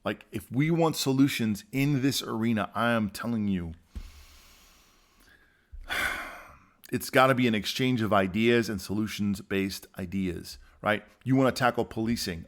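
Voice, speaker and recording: A man hosting a solo podcast, talking earnestly and emphatically, often repeating himself and dropping from forceful to quiet. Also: lowish voice, measured pace. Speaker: podcast host. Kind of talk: solo opinion monologue.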